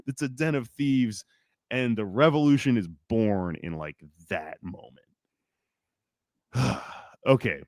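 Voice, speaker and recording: A man hosting a podcast, telling a history story in a loose, profane, animated way and acting out shouted lines. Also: mid-range voice, a little slow, no echo, clean studio sound. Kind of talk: casual storytelling chat.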